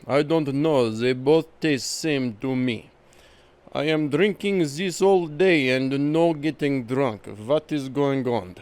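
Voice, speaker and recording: A man's voice: mid-range voice, slow, darkish tone, lightly acted. Blunt Russian-accented gangster played by a man, broken English. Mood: puzzled. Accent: Russian, swapped V and W.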